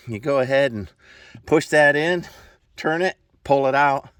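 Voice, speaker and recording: A man's voice: medium pitch, moderate pace, a bit bright, slight background noise. A man vlogging outdoors while fixing a trailer tire, rambling in a folksy way and short of breath. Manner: rambling, folksy, chuckling asides. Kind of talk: casual outdoor DIY vlog. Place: outdoors on rural land.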